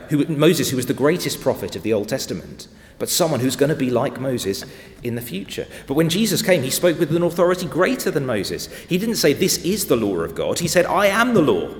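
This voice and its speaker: Guy preaching a sermon in church, goes soft then hits words hard, big hall reverb. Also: medium pitch. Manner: emphatic, swings between soft and loud.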